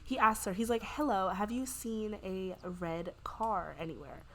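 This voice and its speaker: A woman casually narrating a life-sim game, rambling with lots of "like" and "you know" and voicing the characters' lines in quick asides. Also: medium pitch, expressive, slight background noise. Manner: voices the Sims' lines in quick quoted asides. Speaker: gameplay narrator. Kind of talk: casual let's-play storytelling.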